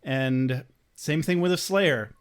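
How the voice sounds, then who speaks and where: A man's voice: medium pitch, takes it slowly, smooth. A man co-hosting a podcast, retelling scenes playfully and laughing often. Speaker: podcast co-host. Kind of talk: casual chat, episode review.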